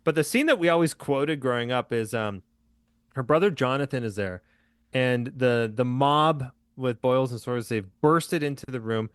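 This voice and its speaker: A man's voice: medium pitch, expressive, moderate pace, smooth, dry recording, clean studio sound. A man hosting a podcast, chatting casually and enthusiastically about a movie, laughing often. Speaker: podcast host.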